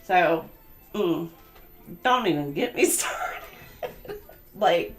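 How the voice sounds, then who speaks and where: A woman's voice: on the low side, lively intonation, drawn-out words. A woman doing a livestream tarot reading, chatty, emphatic and blunt. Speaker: tarot reader. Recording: echoey room with music behind. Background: background music.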